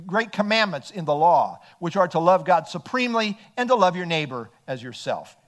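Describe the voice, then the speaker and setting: A male pastor delivers an earnest expository sermon, reading verses aloud and then unpacking them. His voice sits high for a man. His pitch rises and falls freely as he preaches.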